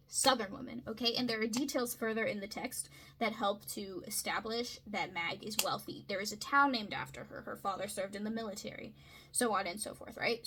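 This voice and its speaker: A woman's voice: mid-range voice, sharp tone, slightly rough, low-quality recording. A woman talking through a literary analysis in a casual, chatty way, often checking in with "right?" and "okay?". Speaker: video essayist.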